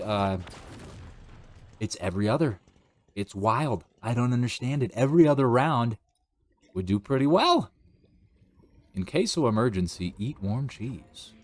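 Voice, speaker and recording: A man's voice: moderate pace, long pauses. A young man streaming a video game, chatting and joking as he commentates, with a habit of goofy voices. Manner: chatty and jokey, with excited high outbursts; does goofy put-on voices. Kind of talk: live gameplay commentary.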